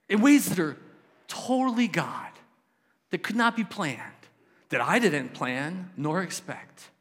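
A male pastor delivers a passionate sermon with a rather high voice. He swings from loud exclamations down to near-hushed questions. A long hall reverb trails behind every phrase.

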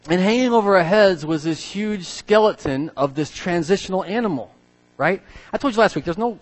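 Middle-aged male pastor, mid-pitch, lively sermon delivery, big swings from loud to quiet. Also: low-quality recording. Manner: animated storytelling, swinging from loud excitement to low murmurs.

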